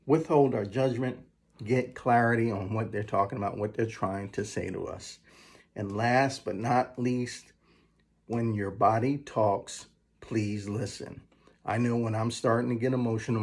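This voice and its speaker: Husky low-voiced man giving tips. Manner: counts off numbered tips, slows to stress key phrases. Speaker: communication coach. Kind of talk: motivational advice talk.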